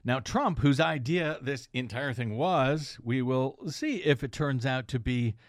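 A man delivering opinionated political news commentary with a sarcastic bite and a halting, filler-laden flow. His voice sits at an ordinary middle pitch for a man and is recorded dry and close, with almost no room sound. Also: dry recording.

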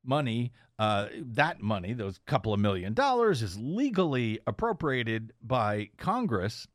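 A man's voice: medium pitch, big pitch swings, a little slow, no room sound, studio quality. A man hosting a political talk radio show, delivering a sardonic, pointed monologue. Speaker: radio host and investigative blogger.

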